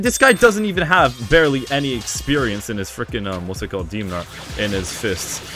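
Low-voiced excitable young man gaming. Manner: excitable, sarcastic, frequent self-deprecating jokes. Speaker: gaming video creator. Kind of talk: casual gameplay commentary.

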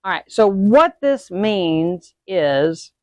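A woman with a medium-pitched voice speaks extremely slowly while casually hosting a witchcraft lesson, tacking "okay?" or "all right?" onto nearly every point. She grows animated when acting out sudden emotions, and there's no room sound.

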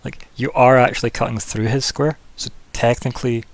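A man's voice: medium pitch, fairly even intonation, normal speed, no echo. A man acting as game master, patiently explaining rules and thinking aloud in casual chat.

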